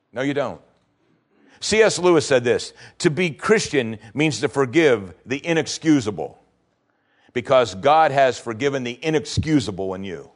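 A man delivering a sermon as pastor. His voice climbs high on emphatic questions and drops low when he explains, with a middle-pitched, preacherly cadence. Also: lively intonation, moderate pace.

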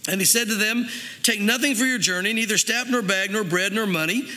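A man's voice: high voice, fairly quick, sharp tone, long reverb tail. A man preaching a sermon as pastor, earnest and conversational, with restarts and asides, in a church.

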